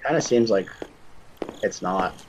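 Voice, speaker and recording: A man's voice: on the low side, lively intonation, unhurried, low-quality recording. A young man playing a horror game, making laid-back, dry remarks. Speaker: gamer playing. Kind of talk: casual gaming chat. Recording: loud background noise.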